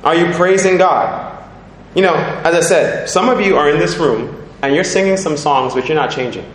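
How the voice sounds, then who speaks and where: A man preaching a lively sermon in a church, animated, breaking into sung lines and laughter, asking the congregation questions. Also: on the high side, normal speed, a little hiss or hum. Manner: animated, sings snatches, laughs, asks the crowd questions. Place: church hall. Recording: echoey church with congregation responding.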